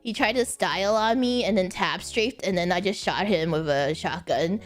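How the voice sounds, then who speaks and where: A young woman streaming casual chat, giggling often and breaking into high laughter. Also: moderate pace, soft background music. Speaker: VTuber streamer.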